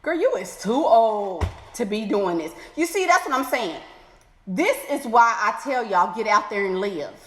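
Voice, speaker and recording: A woman's voice: mid-range voice, sing-song. Sassy woman in an echoey room. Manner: sassy, exclaiming, playful drawn-out asides. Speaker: advice vlogger reading letters. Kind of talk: animated advice commentary. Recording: echoey room with long reverb.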